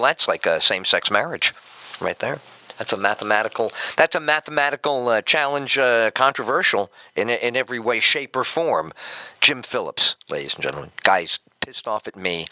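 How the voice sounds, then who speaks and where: A middle-aged man hosting live talk radio, loose and jokey, rambling from one thought to the next and poking fun at himself. His voice is very bright and cutting, swinging widely up and down. It sits close and dry on the mic. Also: medium pitch, no room sound. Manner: loud, joking, self-mocking, talks to studio crew. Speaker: radio talk show host.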